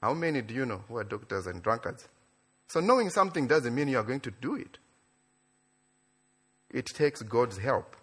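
A man from Africa preaching a sermon in a church, animated, building to excited near-shouts and then dropping low and quiet. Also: normal speed, pauses often, husky. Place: church in Australia.

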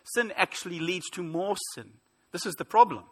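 A man's voice: sits high, normal speed. A man in his forties preaching a sermon, earnest and emphatic, with rhetorical questions. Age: 40s. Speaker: pastor.

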